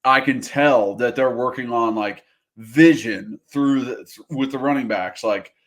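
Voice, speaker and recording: A man's voice: mid-range voice, unhurried, fairly bright tone. A man co-hosting a podcast, making his points emphatically and repeating phrases for stress. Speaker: podcast co-host. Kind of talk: casual sports chat.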